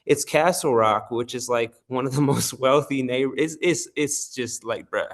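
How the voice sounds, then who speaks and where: A man's voice: mid-range voice, normal speed. A man in casual conversation, laid-back and slangy, laughing along as he tells his story. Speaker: interview guest. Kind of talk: casual chat.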